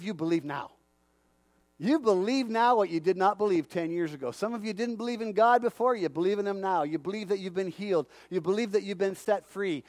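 Male preacher, high voice, close dry mic, animated and calling out to the congregation. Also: dry recording. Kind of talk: sermon.

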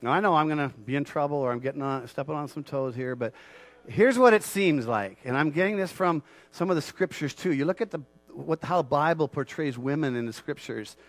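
Male pastor, slightly high voice, fervent sermon delivery that climbs from quiet to loud, repeats lines for punch, dry close sound. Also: a little fast, dry recording. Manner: swells from quiet earnest talk to loud, fervent preaching; repeats phrases for emphasis.

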